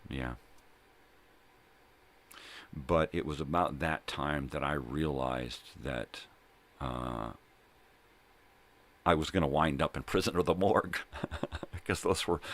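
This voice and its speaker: An older man with a very deep voice hosts a vlog from home, delivering a casual, rambling monologue of personal stories. He swears a lot and keeps tacking on "right?" and "you know?"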